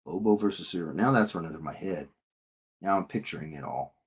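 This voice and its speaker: A man in his thirties with a fairly low voice chats casually with his live-stream viewers while he draws. He rambles, jokes and restarts his sentences often, reading their comments aloud as he goes. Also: quick pace, husky. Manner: rambling and jokey, reads chat aloud, frequent restarts. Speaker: illustrator streaming while drawing.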